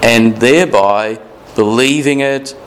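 Man, pastor, sermon, emphatic scripture reading, mid-pitched voice. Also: a little hiss or hum, low-quality recording. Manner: slow emphatic reading of scripture, drawn-out phrases.

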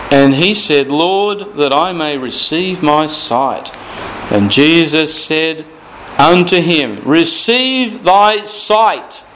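Slow, emphatic preaching man. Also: a little high, a bit bright, a little hiss or hum, rough recording. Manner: slow, emphatic repetition of scripture phrases. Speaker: pastor. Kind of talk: sermon.

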